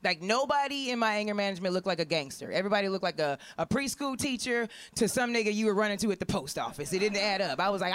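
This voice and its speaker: A woman's voice: medium pitch, lively intonation, quick pace, few pauses. A woman doing stand-up comedy, brash and profane, laughing often at her own stories.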